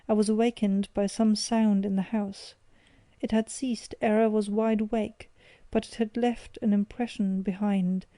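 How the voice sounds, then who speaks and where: A woman narrating an audiobook in a measured, expressive reading. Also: mid-range voice, no echo.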